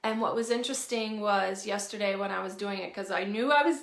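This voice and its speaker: A woman with a Southern drawl speaks as a healing coach, chatting to camera in a frank, casual way. She swears freely and laughs easily, her voice sitting at an ordinary pitch. The room gives her words a noticeable echo. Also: a little fast, creaky. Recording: roomy echo.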